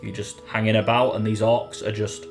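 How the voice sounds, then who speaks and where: A man's voice: lowish voice, level tone, moderate pace, creaky. A British man co-hosting a casual podcast, joking and riffing, laughing often. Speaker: podcast co-host. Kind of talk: casual banter. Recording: faint music bed behind.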